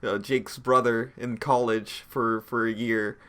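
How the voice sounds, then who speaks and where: A man co-hosting a podcast in casual chat, explaining a cartoon plot with dry jokes and halting restarts. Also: mid-range voice, level tone, fairly bright tone, clear, resonant tone. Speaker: podcast co-host.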